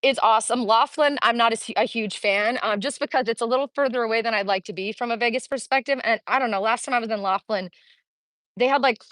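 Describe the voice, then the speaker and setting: A woman's voice: fairly high pitch, fast, fairly bright tone, dry recording. A woman in her forties, out of breath, chatting while she walks a street outdoors and livestreams from a handheld phone, answering viewer comments. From Kansas City, Missouri. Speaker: Las Vegas real estate vlogger. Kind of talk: live-streamed walking vlog. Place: outdoor street, in summer heat. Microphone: phone held while walking.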